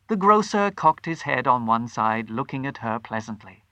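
A storyteller reading a short story aloud with a dramatic, animated delivery. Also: medium pitch, normal speed, few pauses, no echo.

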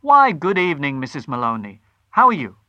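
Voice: mid-range voice, very animated, fairly quick, bright, forceful tone, no echo, muffled recording. A storyteller voicing a friendly, helpful male grocer behind a shop counter. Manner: genial, helpful shopkeeper talk.

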